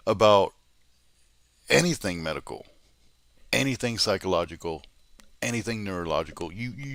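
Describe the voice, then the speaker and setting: Guy ranting and cussing someone out, low voice, dry sound. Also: a bit bright, dry recording. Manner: heated, swearing, berating. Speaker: drama commentary host. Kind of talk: angry profane rant.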